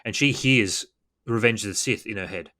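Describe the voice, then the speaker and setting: A man's voice: on the low side, normal speed, pushed and bright, no echo, studio quality. A man co-hosting a podcast, adding short enthusiastic remarks in casual chat. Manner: chimes in with short enthusiastic interjections. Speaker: podcast co-host.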